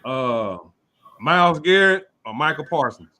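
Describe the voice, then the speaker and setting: Man, host, casual interview, easygoing slang, slightly high voice. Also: animated, unhurried, pushed and bright. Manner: laid-back, giving advice in slang.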